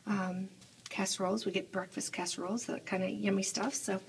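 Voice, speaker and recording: A woman giving a casual, halting walkthrough of a church classroom she decorated, filled with ums and uhs, filmed on a handheld phone indoors. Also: mid-range voice, little pitch movement, gravelly, slight background noise. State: out of breath.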